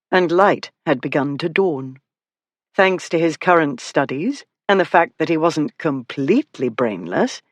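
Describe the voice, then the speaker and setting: Steady audiobook narrator, dry close sound. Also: mid-range voice, dry recording. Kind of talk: scripted narration.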